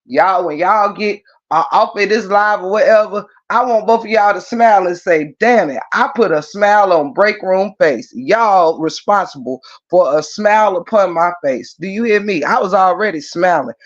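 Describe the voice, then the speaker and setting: A man talks to his livestream viewers in an animated, preachy way. His voice sits high for a man. The stream audio sounds muffled and lo-fi. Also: normal speed, hardly any pauses. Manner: animated preachy talk, addresses viewers directly. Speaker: livestream host. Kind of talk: casual livestream chat.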